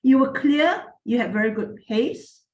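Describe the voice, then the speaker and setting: A woman giving spoken feedback as a moot court judge, her voice clear and made to carry. She talks frankly but kindly, with fillers and restarts. The sound is echoey, as in a bare room. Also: a little high, lively intonation, measured pace, a little mellow, highs cut off. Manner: clear, projecting voice.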